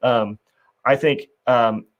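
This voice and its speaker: Male host, mid-pitch, earnest and reflective, conversational, stumbles and restarts phrases. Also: fairly even intonation, takes it slowly, dull audio. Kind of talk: conversational faith discussion.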